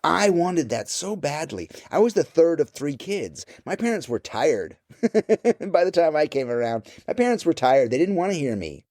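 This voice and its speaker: A man's voice: a little high, very animated, normal speed, mellow. A middle-aged man answering interview questions about his life and work, candid, blunt and profane.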